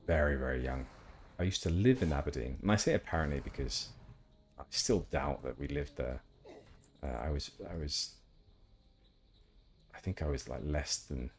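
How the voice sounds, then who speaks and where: A man's voice: very deep voice, a little hiss or hum. A man chatting casually while streaming a game, rambling with asides. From England. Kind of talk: casual gameplay chat.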